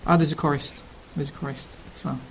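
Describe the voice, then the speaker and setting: A man's voice: on the high side, steady tone, fast, gravelly, slight background noise, low-quality recording. Chatty Cockney man with hesitant ums. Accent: Cockney London. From England. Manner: rambling, many ums and uhs. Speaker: language learning speaker. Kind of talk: casual self-introduction.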